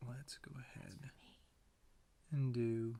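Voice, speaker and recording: A man's voice: mid-range voice, flat delivery, slow pace, dark tone. A man casually narrating as he paints a tiny picture, rambling to himself with playful sound words. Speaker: painter and video maker.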